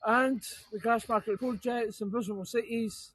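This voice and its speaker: A man's voice: extremely high pitch, steady tone, moderate pace, a bit bright, breathy edge, dry recording. A Scottish man giving short, plain answers on an outdoor graveyard tour. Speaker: tour guide.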